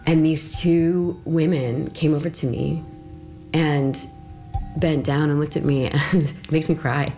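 A woman's voice: deep voice, steady tone, measured pace, dark tone, soft background music. A young woman being interviewed, recounting her experience in a loose, chatty way and acting out what others said to her. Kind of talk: casual personal recounting.

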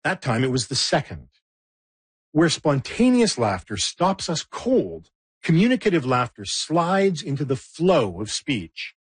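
A man narrates a documentary, with wry, playful asides. His voice is a little husky and his pitch moves a lot. The sound is dry and close. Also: big pitch swings, a little slow, no echo. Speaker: host and narrator.

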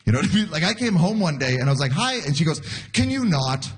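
A man's voice: a little high, lively intonation, racing. A man in his forties from Canada doing a stand-up comedy set, telling stories in a laid-back way and laughing at his own jokes. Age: 40s. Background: audience laughter.

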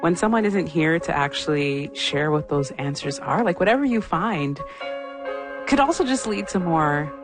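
A woman co-hosting a podcast, asking reflective, gently probing questions in a conversational way. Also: low-pitched, lively intonation, moderate pace, over music. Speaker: podcast co-host. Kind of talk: conversational interviewing.

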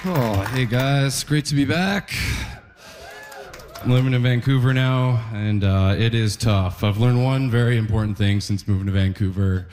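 A man's voice: medium pitch, normal speed, a little mellow, a faint crowd. A man from northern Canada doing a stand-up set with laid-back, dry one-liners. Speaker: stand-up comedian. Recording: reverberant live hall.

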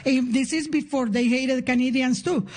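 A Nicaraguan woman with a Spanish accent performing a lively stand-up comedy set on stage, playful and punchy. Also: sits high, normal speed. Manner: animated, playful, chants and shouts punchlines. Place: comedy stage before a live audience.

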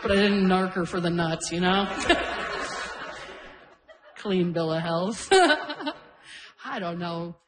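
With a fairly low voice, lively intonation and a slow pace full of long pauses, a middle-aged woman performs stand-up storytelling on stage for a live crowd. She pokes fun at herself and laughs as she goes, against a noisy background.

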